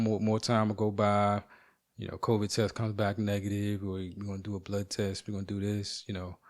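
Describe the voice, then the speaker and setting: Male podcast host with a slightly low voice, loose and profane storytelling from home. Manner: animated, profane, rambling. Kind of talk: casual storytelling monologue.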